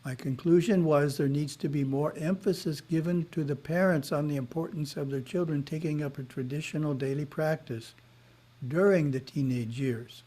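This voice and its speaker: A man giving a spiritual lesson in a webinar, reading in a measured way with short asides, heard over a video call. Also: a little high, fairly even intonation, dark tone. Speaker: spiritual teacher.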